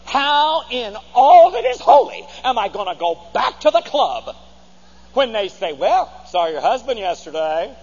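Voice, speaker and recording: A man's voice: very high-pitched, sing-song, unhurried, creaky, darkish tone, full character voice. A man voicing an indignant, scornful royal wife who talks sarcastically, in a dull-sounding recording with long hall reverb. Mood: fretful. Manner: sarcastic, huffy.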